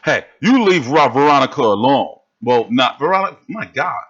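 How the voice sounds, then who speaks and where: A man's voice: medium pitch, moderate pace, slightly rough, highs cut off. A man hosting a livestream, ranting in a casual, profane, fired-up way. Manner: animated, swearing, fired-up. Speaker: livestream host reacting to boxing.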